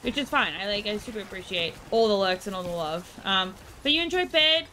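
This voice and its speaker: A woman's voice: mid-range voice, expressive, fairly quick, pushed and bright, slight background noise. A woman with an Australian accent, streaming and chatting casually with viewers, playful, laughing often and baby-talking to her dog.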